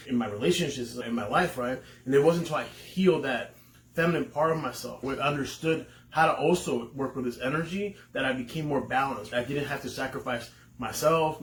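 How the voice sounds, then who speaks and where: A man co-hosting a casual podcast, talking candidly and laughing through his stories with the odd curse. His voice sits at an ordinary pitch and carries the echo of a roomy space. A faint hiss stays in the background. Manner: candid, laughing storytelling with swearing. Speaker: podcast co-host. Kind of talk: casual chat. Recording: roomy room with faint noise.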